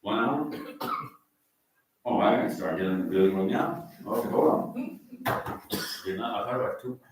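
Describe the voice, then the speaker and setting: A man's voice: fairly low pitch, expressive, normal speed, a little hiss or hum. A man with a Pakistani accent, giving a teasing, provocative talk in a mosque and quizzing the crowd. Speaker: guest speaker. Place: large echoey mosque hall. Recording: echoey hall from far off.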